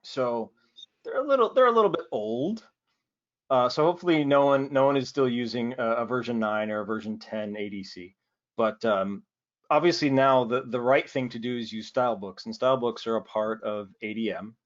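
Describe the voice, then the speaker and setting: An easygoing man talks through a technical demo in a relaxed, joking way, checking in with a quick "right?" as he goes. His voice sits mid-range and plain. The video call audio is muffled and dull. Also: medium pitch. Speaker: presenter.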